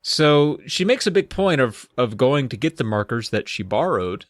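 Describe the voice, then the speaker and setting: A man's voice: medium pitch, normal speed, dry recording, studio quality. A man co-hosting a podcast who recaps a story in casual chat and acts out the quotes. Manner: animated, acts out quotes in put-on voices. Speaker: podcast co-host.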